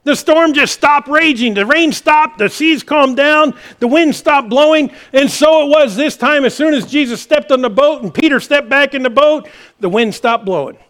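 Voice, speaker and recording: Impassioned high-voiced preacher. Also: male voice, moderate pace. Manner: impassioned preaching, rising to shouts. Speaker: pastor. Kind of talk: sermon.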